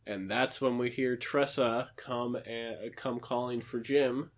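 A man co-hosting a podcast, recapping a film in a casual, joking chat with quick asides. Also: mid-range voice, fairly even intonation.

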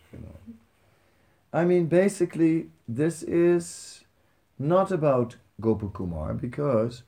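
A man gives a devotional talk in a soft, conversational way, leaning on fillers as he tells stories. His voice is gravelly and sits at a middle pitch. He sounds like a spiritual teacher speaking to a gathering.

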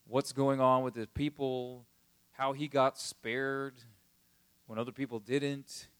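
A man's voice: mid-range voice, flat delivery, slow, a bit bright, smooth, dry recording. A man giving a casual Bible teaching, retelling the story in a chatty, conversational way with plenty of fillers.

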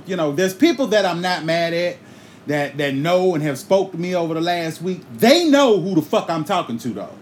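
Lively profane male storyteller. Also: on the high side, moderate pace, a little hiss or hum. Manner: profane, animated, with sung asides. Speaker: podcast host. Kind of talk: comic storytelling.

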